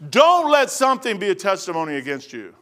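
A man, preaching fervently, swinging between shouted points and hushed asides. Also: high-pitched, huge pitch swings, fairly quick. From Kentucky. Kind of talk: impassioned preaching.

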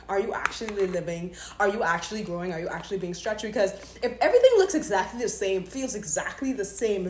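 A woman's voice: roomy sound, slight background noise. Candid woman sharing a devotional talk. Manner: candid, emotional storytelling, breaks into higher pitch when retelling prayers. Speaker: faith podcaster. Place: at home, just came in the door. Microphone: phone.

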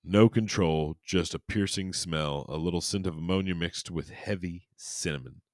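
Low-voiced man rambling on a podcast. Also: normal speed, dry recording, clean studio sound. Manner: rambling and jokey, with many restarts and crude asides. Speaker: podcast host. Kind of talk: casual chat and reading aloud.

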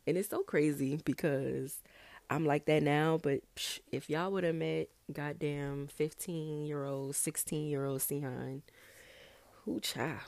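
A young woman hosting a casual solo podcast, chatty and animated, talking straight to her listeners. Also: low voice, no echo. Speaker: podcast host.

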